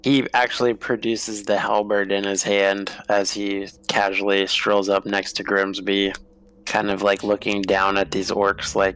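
A man's voice: lowish voice, monotone, a little slow, fairly bright tone, a little hiss or hum, poor audio. A man playing in a tabletop role-playing game, describing his character's actions. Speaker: player.

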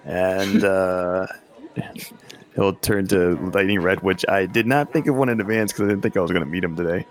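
A man playing a tabletop game, describing his character's actions in a halting, hesitant way with many fillers. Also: low voice. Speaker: player.

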